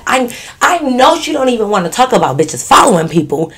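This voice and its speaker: A young woman vlogger telling a casual story in an animated, profane way, keeps breaking into laughter. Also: a little high, a little fast, husky. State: giggly.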